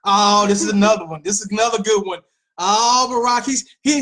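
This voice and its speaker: A woman hosting a political commentary show, talking in an animated way with mocking asides and repeated phrases. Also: medium pitch, normal speed. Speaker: host.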